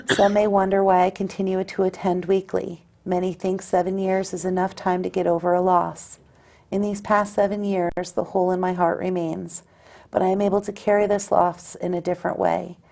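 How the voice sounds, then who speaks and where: A woman giving a measured, earnest personal testimonial as a survivor of suicide loss. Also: lowish voice, level tone, vocal fry, a little mellow. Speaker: suicide loss survivor sharing her story.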